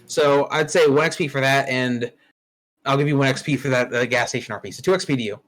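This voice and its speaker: A man's voice: mid-range voice, fast talker, a bit bright, rough recording. A man running a tabletop game as game master, talking casually and bluntly and swearing freely.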